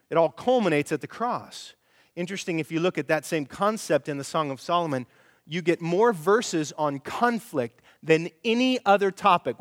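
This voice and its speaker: A middle-aged male pastor preaching a sermon, animated and storytelling, acting out quoted voices. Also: on the high side, big-room sound.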